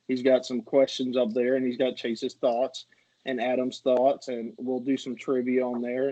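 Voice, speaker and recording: A man's voice: mid-range voice, warm tone, dry recording, muffled recording. A man hosting a podcast, rambling through a jokey, casual sign-off full of fillers. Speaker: podcast host.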